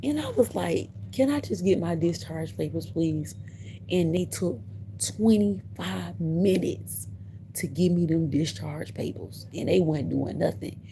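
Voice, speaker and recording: A woman tells a story on a casual livestream. Her voice is very dark and mellow, and she speaks slowly and a little low. She circles back on her words, with a faint hum in the background. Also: lively intonation. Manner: emphatic, repeats herself, laughs between lines.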